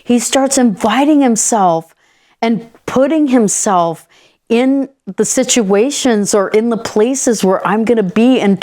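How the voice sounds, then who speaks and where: A woman hosting her own podcast and recounting a personal experience in plain, candid terms. She talks in a lively way and slips into the voices of the people in the story as she quotes them. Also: mid-range voice. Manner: candid and animated, acting out quoted dialogue. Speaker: podcast host.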